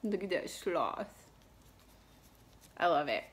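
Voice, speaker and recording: A woman's voice: on the low side, sing-song, takes it slowly. Chatty woman in her thirties. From Texas. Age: 30s. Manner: chatty, rambling, with many fillers and restarts. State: clearing her throat from allergies. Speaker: cross-stitch vlogger. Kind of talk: casual chat.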